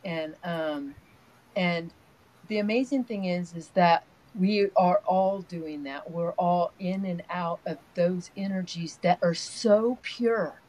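A woman's voice: on the low side, slow, poor audio. An older woman, an energy healer, talking in a rambling, earnest way as an interview guest, telling long stories. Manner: rambling, storytelling, soft and earnest. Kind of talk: casual spiritual interview talk.

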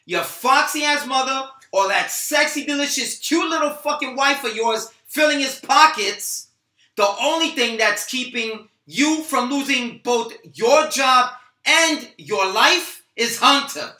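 Brief: man with a high, bright voice, cocky tough-guy delivery on a video call, echoey room. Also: measured pace. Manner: swaggering tough-guy delivery, heavy profanity. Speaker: actor reading a gangster part. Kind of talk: virtual script reading.

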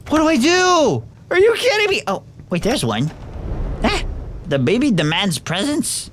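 A woman hosting gameplay commentary, excitable and reactive, often breaking into shouts. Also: a little high, measured pace, slight background noise. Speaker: gaming video host. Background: game music.

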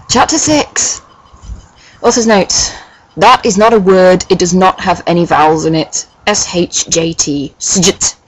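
A woman doing a comic dramatic reading of a fan fiction, breaking off for sarcastic, deadpan asides with swearing. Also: lowish voice, slight background noise, poor audio. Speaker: reader and commentator of a fan fiction.

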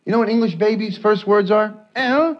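A young man from New York doing a stand-up routine, delivering quick punchlines and slipping into silly voices. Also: sits high, level tone, faint music behind. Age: young adult. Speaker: stand-up comedian. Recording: dull lo-fi 1980s TV audio, loud hiss. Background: studio audience laughter.

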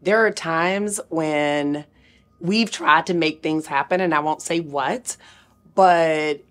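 A woman's voice: deep voice, takes it slowly. A woman hosting an interview, asking thoughtful, reflective questions of her guest. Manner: attentive, asks reflective questions. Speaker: podcast host, interviewer. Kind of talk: casual interview.

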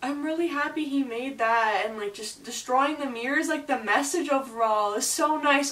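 High-voiced gushing young woman fan. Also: moderate pace, hardly any pauses, fairly bright tone, roomy sound, far from the mic, poor audio. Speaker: YouTuber reacting to a music video. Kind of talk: casual reaction vlog.

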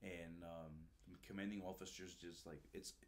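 A man telling stories from his time as a recruiter in a relaxed, animated way, peppered with slang and swearing. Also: low voice, moderate pace. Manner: animated, swears freely, says "dude" and "bro" often. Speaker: guest, former Marine recruiter. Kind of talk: casual storytelling.

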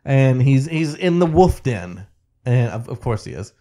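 Guy on a podcast, telling the story all animated, laughing a lot, mid pitch. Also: unhurried. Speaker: podcast co-host. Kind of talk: casual movie recap chat.

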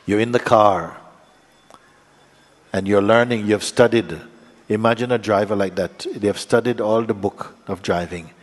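Low-voiced man teaching in an echoing hall. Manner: slow, reflective, plain phrasing with halting pauses. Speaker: spiritual teacher. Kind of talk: satsang talk.

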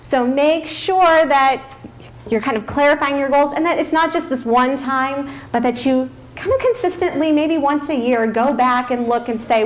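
A woman with a slightly high voice speaks to a room as a career coach. She is upbeat and direct, with light teasing between her practical pointers. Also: moderate pace. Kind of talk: presentation to an audience.

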